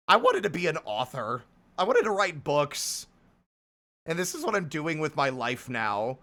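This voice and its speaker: A man's voice: fairly high pitch, huge pitch swings, a little slow, bright, forceful tone. A man in his thirties streaming live, chatting casually in a profane, self-deprecating, rambling way. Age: 30s.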